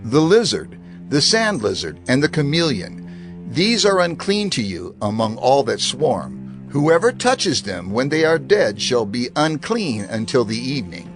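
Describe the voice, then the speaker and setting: Expressive male scripture narrator. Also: mid-range voice, measured pace, music in the background.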